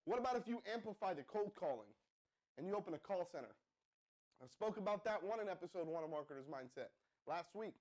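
A man's voice: high-pitched, expressive, fast, a little mellow. Pumped-up man hosting a live stream. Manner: pumped-up, addresses viewers as guys, asks the chat to respond. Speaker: livestream host. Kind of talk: hyped live-stream marketing pitch.

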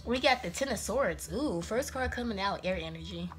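A woman's voice: mid-range voice, fairly quick, hardly any pauses. A woman giving a casual, rambling tarot reading to her viewers, slightly out of breath and laughing often. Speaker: tarot reader.

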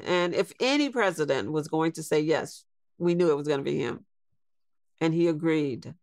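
A woman in her sixties, a podcast guest telling a personal story in a slow, reflective way. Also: low voice, animated, a little mellow, no echo, clean studio sound. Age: 60s. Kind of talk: storytelling interview.

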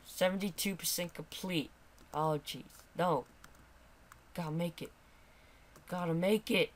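A man's voice: sits high, measured pace, long pauses. A man doing let's play commentary, frustrated and exclaiming as he keeps failing a level. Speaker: gamer.

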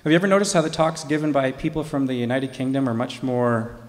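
Deadpan man co-hosting in a big hall. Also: mid-range voice, fast talker. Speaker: comedy co-host, professor. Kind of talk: scripted comedy banter on stage. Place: large lecture hall with live audience. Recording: echoey hall with noise.

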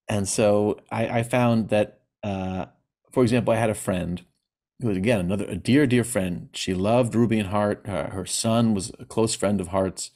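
Candid, plain-spoken man with a low voice. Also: a little mellow. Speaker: presenter. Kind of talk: personal talk on grief.

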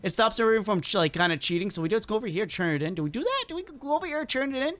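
Excitable, chatty gaming host. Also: medium pitch, very fast. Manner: excitable, chatty, repeats phrases. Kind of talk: let's play commentary.

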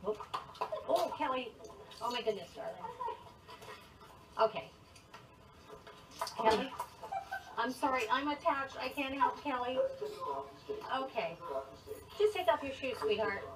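A woman's voice: high-pitched, lively intonation, unhurried, pauses often, far from the mic, rough recording. A woman presenting on live TV, fussing over a colleague in a doting manner.

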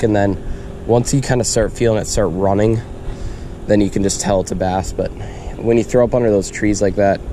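A young man casually explaining his fishing on a lake shore, getting excitable when a fish bites. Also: lowish voice, slight background noise. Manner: excitable, exclaims often while fighting fish. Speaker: fishing vlogger. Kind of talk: casual outdoor vlog commentary.

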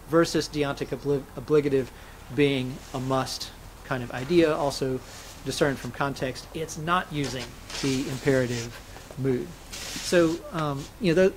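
A man's voice: mid-range voice, slight background noise, poor audio. A man, a scholar and interview guest, explaining grammar methodically and illustrating points with spoken examples.

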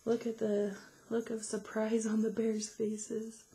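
A woman teacher reading a fairy tale aloud to children, slow and animated, asking them questions along the way. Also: fairly high pitch.

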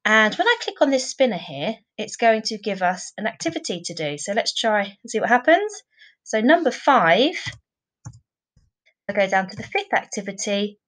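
A woman's voice: medium pitch, rough recording. Patient woman teaching children. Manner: clear, patient, encouraging teacher talk with tag questions. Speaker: primary school teacher. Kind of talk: recorded online lesson.

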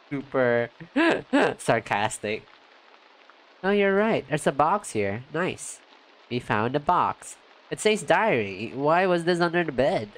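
A man streaming a game, chatting casually and excitably, saying "yo" and "like" a lot and jumping up in pitch when he greets viewers. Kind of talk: casual let's-play commentary.

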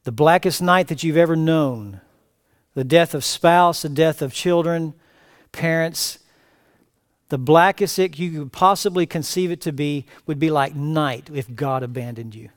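A man preaching a sermon in a fairly high voice, recorded close and dry. He delivers it with passion, rising to emphatic, louder phrases and then dropping to quiet, low-spoken lines. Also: unhurried, no room sound. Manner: impassioned, swinging from raised emphatic cries to hushed low phrases. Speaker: pastor.

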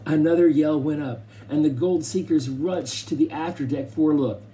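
Casting: male storybook narrator, mellow and dark-toned, measured delivery. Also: on the high side, a little hiss or hum. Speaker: audiobook reader. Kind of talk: scripted narration.

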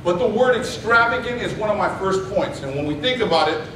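A man's voice: high voice, expressive, a little fast, very echoey, far from the mic, noisy background. A man preaching a sermon to a congregation, stressing key words and calling for responses. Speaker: pastor. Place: church sanctuary.

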